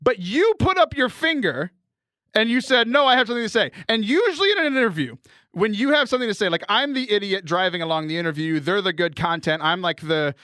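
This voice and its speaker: A man co-hosting a chatty podcast, joking at his own expense with quick laughs and talking through bronchitis. His voice sits high and swings widely, bright and tense in tone. The sound is dry and close. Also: lively intonation, no echo. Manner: jokey, self-deprecating, quick laughs. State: has bronchitis. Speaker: podcast host. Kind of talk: casual chat.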